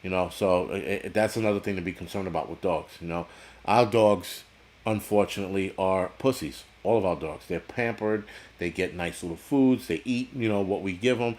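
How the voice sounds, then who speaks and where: A man with a deep, darkish voice talks at a moderate pace while hosting a casual livestream. He reads viewer chat and rants bluntly, swearing constantly and wandering into rambling asides in this profane livestream rant.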